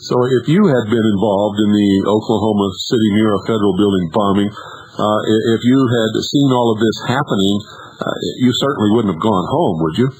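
Low-voiced male radio host. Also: a little fast, a little mellow, slight background noise, rough recording. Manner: brief prompting questions and affirmations. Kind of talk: radio interview.

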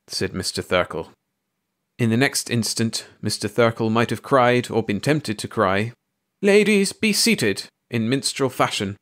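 A man reading a short story aloud as a bedtime audiobook narrator, unhurried and measured. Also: medium pitch, a bit bright.

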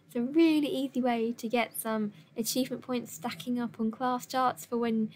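A woman teaching a recorded lesson, her voice sitting a little high. She gives instructions in a clear, measured way. A faint hiss lies under the recording. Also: fairly even intonation, a little mellow.

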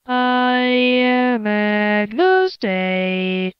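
A man voicing a gentle heavenly woman who speaks very slowly and soothingly. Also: very high-pitched, clean tone, no echo, lo-fi sound, faint music behind, voice pushed up, full character voice. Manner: very slow, soothing. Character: gentle, high, slow-speaking heavenly female helper.

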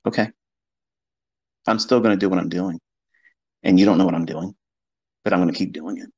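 A man's voice: low voice, brisk, darkish tone, husky, dull audio. A man hosting an online audio chat, talking in a blunt, profane, casual monologue. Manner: blunt and profane, mocking the doubters he quotes. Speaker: trading educator hosting an audio space.

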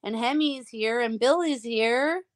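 A woman hosts a casual live stream, warmly greeting each viewer by name in an affectionate, gushing way. Her voice sits a little high and her talk is slow and drawn out. She sounds easygoing and unhurried.

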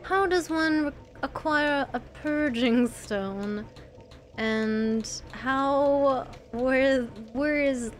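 A woman with a high, light voice streams a video game live and chats to her viewers between moves. She shrieks and squeals whenever enemies jump out at her. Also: extremely slow, a little hiss or hum. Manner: talks to viewers in chat. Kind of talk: live gameplay commentary.

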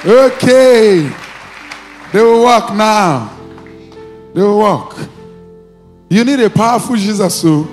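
This pastor, whose voice sits high and carries a Nigerian accent, leads a church in preaching and deliverance prayer. He repeats short commanding phrases and occasionally erupts into shouting.

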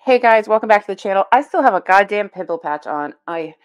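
A woman's voice: medium pitch, animated, fast talker, faint music behind. A woman hosting a casual reaction video about books, talking in a rambling, wryly exasperated way at home before work. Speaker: book commentary video host. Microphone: streaming webcam setup.

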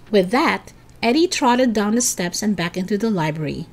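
Woman narrator, expressive storybook reading, animated pitch. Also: moderate pace, hardly any pauses, a little hiss or hum. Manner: expressive, dramatic. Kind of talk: children's book read aloud.

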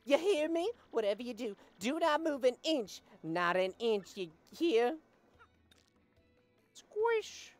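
A woman voicing a shrill, bossy woman who scolds and shouts high and loud.

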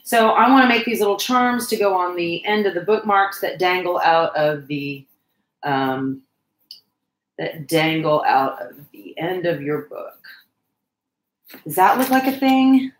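A woman's voice: lowish voice, animated, a little slow, echoey room, rough recording. A woman chatting casually and rambling to viewers while she crafts on a livestream. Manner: chatty, rambling, self-deprecating, talks to viewers and pets.

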